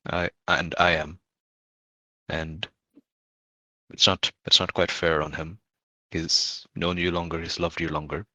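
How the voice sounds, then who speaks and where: A man playing a tabletop role-playing game, speaking his character's lines softly and earnestly. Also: low-pitched, flat delivery, a little slow, long pauses, dry recording. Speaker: player.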